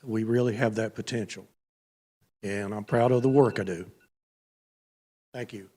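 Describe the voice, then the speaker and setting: A man at a committee meeting podium speaks in an earnest, hopeful way. His voice has a warm, mellow tone. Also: lowish voice, measured pace. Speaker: county employee speaking at public comment. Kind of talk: public comment at a committee meeting.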